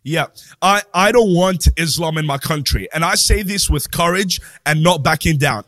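High-voiced man preaching forcefully. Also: normal speed. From Egypt. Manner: forceful, repetitive rallying cadence, sing-song rise and fall. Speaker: guest, Christian preacher. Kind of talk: impassioned preaching interview.

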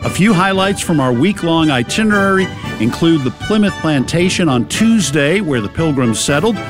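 A man with a thick Boston accent pitches a tour in a chatty, upbeat radio promo. His voice sits a bit high and swings around a lot, with music playing clearly underneath. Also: animated, moderate pace. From Boston, United States. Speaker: radio co-host.

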